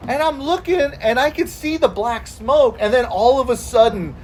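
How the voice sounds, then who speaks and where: Woman podcast co-host in her forties, high swooping voice, animated storyteller who swears. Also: normal speed, slight background noise. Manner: animated, acts out quoted voices, swears freely. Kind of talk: casual storytelling chat.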